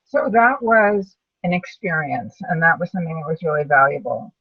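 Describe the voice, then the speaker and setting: A woman's voice: low voice, expressive, moderate pace, husky, no room sound, far from the mic, lo-fi sound. A woman sharing her personal story as a survivor in a webinar, talking in an earnest, reflective way. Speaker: brain tumor survivor panelist. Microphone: video call.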